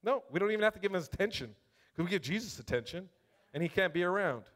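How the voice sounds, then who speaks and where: A man preaching a sermon, reading scripture aloud and talking to the congregation in a casual, animated way. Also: high-pitched, quick pace. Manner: animated, conversational, addresses congregation directly; reads scripture aloud with rising emphasis.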